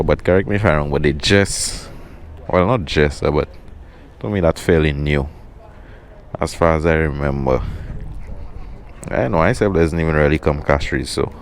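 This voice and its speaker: A man's voice: a bass voice, slight background noise. A man with a Saint Lucian accent, chatting casually to his viewers in a slangy motovlog from a roadside viewpoint. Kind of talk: casual vlog commentary. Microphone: helmet-mounted action camera.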